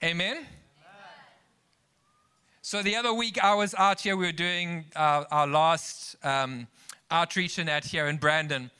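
A male pastor with a slightly high, sharp, clear and resonant voice preaches emphatically, speaking a little slowly with steady tone and frequent pauses. He builds rising exclamations and mixes scripture with personal stories told as asides to the congregation.

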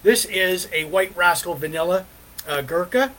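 Rambling high-voiced man hosting a live show. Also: sharp tone, rough recording. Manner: rambling, many fillers and pauses. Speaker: podcast host. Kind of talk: casual live-stream chat.

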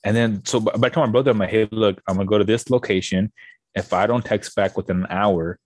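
Fast-talking young man telling a wild story. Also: lowish voice, dry recording. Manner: animated, swearing, acts out quoted dialogue. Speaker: podcast guest. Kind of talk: casual storytelling.

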